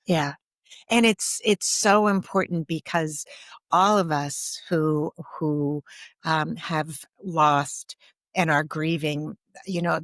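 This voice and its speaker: A woman guest on a podcast speaking softly and thoughtfully in reflective conversation, pausing often with ums. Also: sits low, dry recording, studio quality. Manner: soft-spoken, thoughtful, with frequent pauses and ums. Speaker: guest, grief and ancestral healer.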